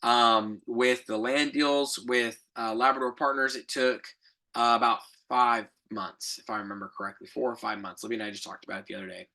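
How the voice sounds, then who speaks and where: A man's voice: mid-range voice, steady tone, brisk, sharp tone. A young adult man hosting a podcast, telling a reflective story in a rambling casual way, with fillers, self-corrections and light laughs. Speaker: podcast co-host.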